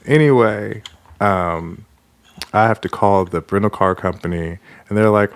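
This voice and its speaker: A man's voice: lowish voice, moderate pace. A young adult man hosting a podcast in casual chat, telling stories with lots of laughter and acted-out quotes. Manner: animated storytelling, laughs often, switches into quoted voices. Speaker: podcast host.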